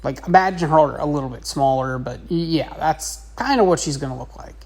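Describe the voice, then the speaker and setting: A woman's voice: deep voice, brisk, darkish tone. A woman teacher narrating a casual drawing lesson in a chatty, rambling way. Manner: chatty, rambling, with many fillers.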